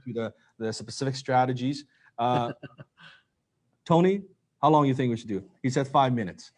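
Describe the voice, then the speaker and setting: A man coaching on sales closing, animated and acting out dialogue. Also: medium pitch, moderate pace. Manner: animated, acts out lines of dialogue.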